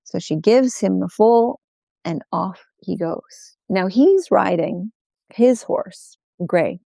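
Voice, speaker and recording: A woman telling a folk tale aloud, unhurried, repeating phrases in an oral style. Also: medium pitch, animated, vocal fry, mellow, no room sound. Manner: unhurried, with many repetitions. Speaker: storyteller.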